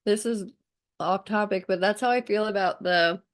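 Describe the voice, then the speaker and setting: A woman's voice: medium pitch, normal speed. A woman from Kentucky, a podcast guest, talking casually and rambling with many "like" fillers. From Kentucky, USA. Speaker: guest, author and bookstore owner. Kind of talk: casual chat.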